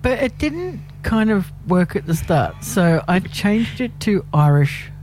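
A middle-aged woman chats on air as a radio co-host, her voice sitting at an ordinary middle pitch. She teases her partner, laughs easily and often talks over him. There is a faint noise floor under her voice. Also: big pitch swings, slow pace, darkish tone. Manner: teasing, chatty, laughs often, cuts in. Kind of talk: casual on-air banter.

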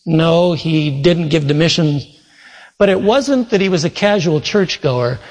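A man delivers a sermon in earnest storytelling mode, weaving in quoted dialogue. His voice sits a little above the usual male pitch. The sound rings out with the long reverb of a large hall. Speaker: preacher.

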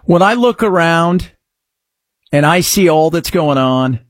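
A man hosting a satirical political commentary show, sarcastic, breaking into mock-shouted outbursts. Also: a little high, lively intonation, slow, no room sound, clean studio sound. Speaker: show host.

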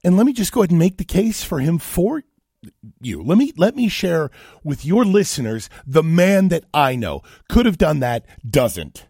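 Animated talk radio host, dry close mic. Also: male voice, on the high side, moderate pace, vocal fry, slightly rough, no room sound. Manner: animated storyteller, stammers and restarts, grows incredulous. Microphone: studio microphone.

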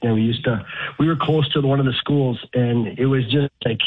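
A man's voice: mid-range voice, steady tone, normal speed. A man calling in to a radio talk show, telling a rambling story. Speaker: caller. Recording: husky voice over phone line.

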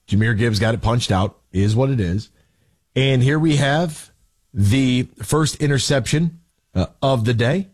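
A man's voice: mid-range voice, takes it slowly, pauses often, a little mellow, breathy edge. A man hosting a sports radio talk show, chatty and jokey, who sometimes sings his station plugs.

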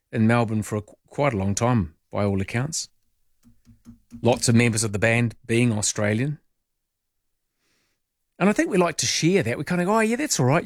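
A middle-aged man with a New Zealand accent hosting a casual radio chat, playful and mock-indignant, his voice jumping high on questions. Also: dry recording, studio quality. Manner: playful, indignant tongue-in-cheek asides with sudden high pitch jumps. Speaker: radio host.

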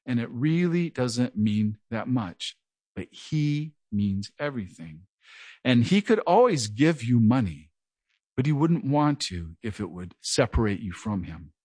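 A man's voice: medium pitch, measured pace, no room sound. A middle-aged man preaching an earnest verse-by-verse Bible teaching, who mentions that he stutters and sometimes repeats words. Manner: earnest, lively preaching with a self-described stutter. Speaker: pastor.

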